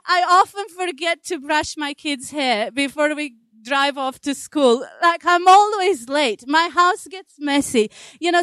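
A woman's voice: high voice, a bit bright, dry recording. A woman in her thirties preaching a sermon in a conversational way, with fillers and small laughs.

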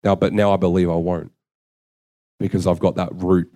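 Here a young man preaches at a moderate pace, his low, dark voice held to a level tone. He's earnest and conversational, sharing self-deprecating anecdotes.

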